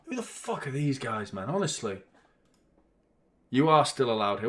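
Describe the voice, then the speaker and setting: A young man commentates on a live match for his viewers, chatty and casual. He curses the referee freely and flips between low muttering and shouted outbursts. He talks into a desk mic at his streaming setup. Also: sing-song, normal speed. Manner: fan reacting to play, swears and shouts at the referee. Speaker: football watchalong host.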